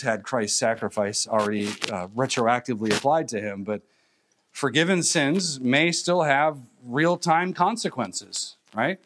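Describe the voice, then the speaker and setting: A man preaching a sermon as pastor, emphatic, with pauses and repeated phrases. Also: medium pitch.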